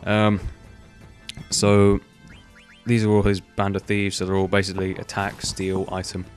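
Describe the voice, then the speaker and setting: A man's voice: fairly low pitch, monotone, measured pace, faint music behind. A young man giving casual, rambling gameplay commentary, swearing offhandedly and filling gaps with "um" and "like". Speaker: gaming video host.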